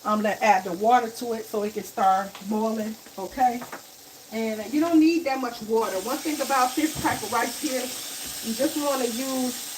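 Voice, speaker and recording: A woman hosting a casual live cooking vlog in her home kitchen, chatting to viewers and calling them y'all and baby. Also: a little high. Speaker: home cook and vlogger. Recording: kitchen recording with loud sizzling noise. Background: frying and sizzling in the pan.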